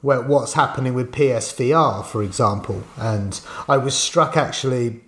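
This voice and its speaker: A man at a mid pitch weighing ideas aloud on a casual games podcast. His sentences run long and turn back on themselves as he reasons. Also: normal speed, a bit bright. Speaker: games journalist podcast co-host.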